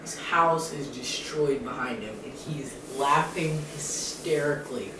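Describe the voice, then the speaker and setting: A young person telling jokes casually, animated and laughing mid-story. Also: mid-range voice, unhurried. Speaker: channel co-host. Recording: echoey room from a distance, faint noise.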